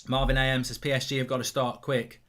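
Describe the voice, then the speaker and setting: A man in his thirties hosting a football watchalong, reading viewer messages aloud and commentating the match as it happens, getting loud and excited in big moments. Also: medium pitch, quick pace. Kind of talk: live match commentary and chat.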